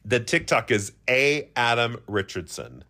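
A man's voice: medium pitch, very animated, unhurried, bright, forceful tone. A man co-hosting a casual comedy podcast, rambling and giggly, poking fun at himself. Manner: rambling, giggly, self-mocking. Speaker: podcast co-host.

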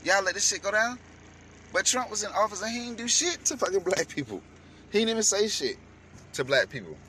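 Angry high-voiced man ranting. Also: expressive, brisk, a little hiss or hum. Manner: angry, profane, shouting at times. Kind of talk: heated ranting commentary.

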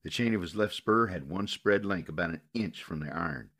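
A man's voice: low voice, fairly quick, fairly bright tone, pitched above the performer's own voice. A man voicing a bitter young frontier farm girl with a Missouri accent. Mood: accusing. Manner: bitter, accusing.

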